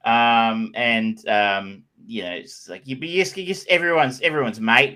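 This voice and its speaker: A man's voice: medium pitch, a little slow, pushed and bright, rough recording. A middle-aged Australian man co-hosting a podcast in casual chat, rambling with lots of fillers and restarts. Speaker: podcast co-host.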